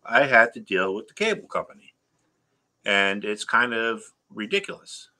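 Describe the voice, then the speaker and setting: Animated middle-aged man ranting. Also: on the low side, moderate pace. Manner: exasperated storytelling, lively and animated. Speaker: stock trading educator. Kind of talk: casual ranting vlog and trading lesson.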